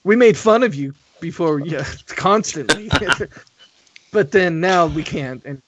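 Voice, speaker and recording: A man's voice: a little high, animated, a little slow, dull audio, crowd noise. Chatty, laughing American man hosting a podcast. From United States. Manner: chatty, laughing, rambling with restarts. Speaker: podcast host. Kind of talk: casual chat.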